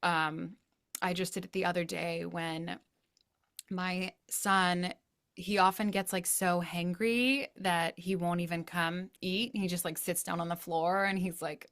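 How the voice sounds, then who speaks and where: Lively woman parenting educator, chatty, laughs a lot, storytelling vibe. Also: on the low side, a little slow. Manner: animated storytelling, laughs often, acts out voices. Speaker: playful parenting educator, guest. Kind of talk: casual interview chat.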